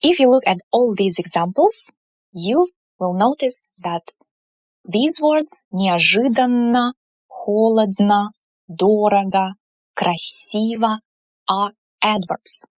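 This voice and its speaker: Slow, careful Russian-accented woman teacher. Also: medium pitch, expressive, no echo. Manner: slow, careful explanations with drawn-out example words. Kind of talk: online language lesson.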